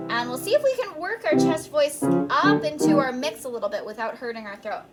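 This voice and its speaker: A young woman giving a recorded voice lesson, talking students through warm-ups with clear, encouraging instructions. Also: sits high, lively intonation, fairly quick, few pauses, loud music behind the voice. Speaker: voice teacher.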